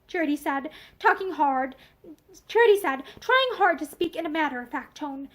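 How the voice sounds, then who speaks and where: High, lively woman reading a novel. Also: moderate pace. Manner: expressive storytelling. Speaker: audiobook reader. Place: indoors, seated facing camera.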